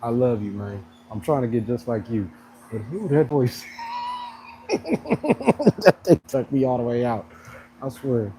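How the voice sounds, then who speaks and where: A man's voice: medium pitch, moderate pace, dark tone. A man vlogging at a gym in casual chat, rambling and laughing as he tells a story. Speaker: fitness vlogger. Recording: noisy background.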